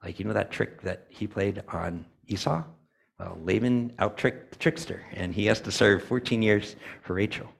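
A church elder preaches in a loose, conversational way and slips into the voices of the people he describes. His voice is low and gravelly, with a husky edge. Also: steady tone, normal speed. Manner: conversational preaching, acts out characters' thoughts, apologetic asides. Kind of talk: sermon.

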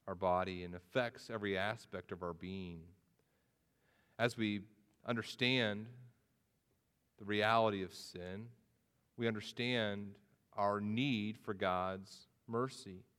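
A man preaches a sermon in an earnest, searching way, often doubling words and restarting phrases. His voice carries a long reverb from a church sanctuary. It climbs higher when he pleads. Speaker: pastor.

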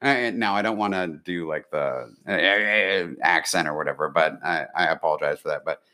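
A man's voice: low-pitched, moderate pace. A man co-hosting a podcast, talking in a playful, jokey casual chat. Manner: playful, jokey, lively delivery. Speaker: podcast co-host.

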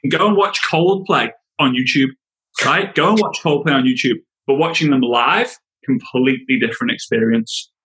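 Earnest man, bright voice. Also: mid-range voice, normal speed, low-quality recording. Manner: earnest, heartfelt, emphatic. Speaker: podcast guest. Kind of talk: casual interview chat.

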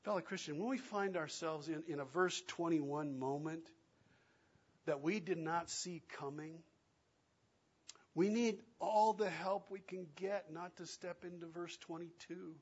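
A man preaching a sermon, acting out quoted lines and swinging between loud and soft. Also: a little high, unhurried, husky, dull audio. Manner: dramatic, acts out quoted lines with big swings in loudness. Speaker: pastor.

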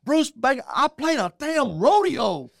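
A man imitating a jovial, effusive male singer who gushes loudly. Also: sing-song, unhurried, creaky, no room sound, clean studio sound, heavily acted. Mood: excited. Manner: gushing, loud and high.

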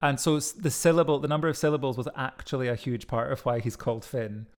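A man's voice: mid-range voice, steady tone, fast talker. A man with a Scottish accent co-hosting a casual podcast chat, laughing easily and acting out people in his stories. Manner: chatty, laughs easily, mimics voices in anecdotes. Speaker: podcast co-host.

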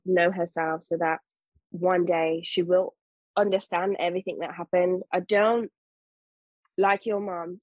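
Woman, low-pitched, husky, earnest, emphatic, dry close sound. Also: a little mellow, no room sound, rough recording. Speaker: guest, mother. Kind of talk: casual podcast conversation.

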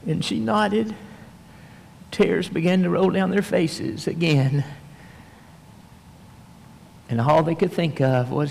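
Male preacher, mid-pitched, folksy storyteller, lively then hushed, long hall echo. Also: slow, gravelly, long pauses, a little hiss or hum. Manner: folksy storytelling, swings between animated and hushed. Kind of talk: sermon. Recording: long reverb, large hall.

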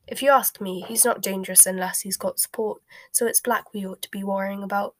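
A woman reading a storybook aloud and voicing a flustered, pompous male wizard minister in a louder, brisk voice. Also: medium pitch, steady tone, close to an everyday voice. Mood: dismissive. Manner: blustering and brisk, louder than the narration.

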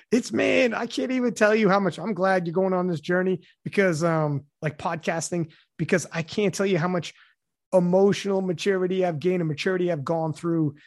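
Casting: male podcast host, slightly high voice, dry close sound, loose rambling delivery with casual swearing. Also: no room sound. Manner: rambling, swears, many restarts and fillers.

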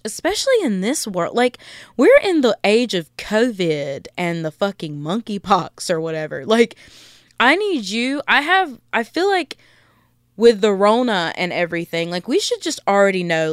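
A young woman hosting a podcast, telling a story in a blunt, profane, animated rant. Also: fairly low pitch, smooth, no echo, clean studio sound. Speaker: podcast host.

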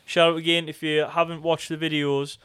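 A man with a Geordie accent chats casually as a podcast co-host, rambling through sweary, joking banter. His voice sits a little high and comes across smooth and clear. The sound is dry and close, with no room around it. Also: level tone, a little fast, a bit bright, no room sound. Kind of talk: casual chat.

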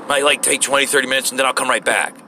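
Man playing a hesitant young guy, halting and filler-heavy, gravelly, bright. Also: medium pitch, steady tone, a little hiss or hum, rough recording. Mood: rambling. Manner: halting, filler-heavy, stumbling over words. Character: rambling young man applicant, oblivious and hesitant.

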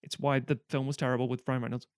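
A man, co-hosting a casual film chat, animated and swearing freely. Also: medium pitch, fast talker, clean tone, no echo, studio quality. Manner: animated, swears freely, mock-quotes characters. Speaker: podcast co-host.

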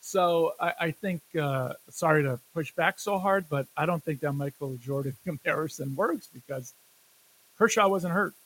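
A man co-hosting a casual sports podcast, talking in animated, jokey rants and laughing often. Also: on the high side, normal speed, rough recording. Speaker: podcast co-host.

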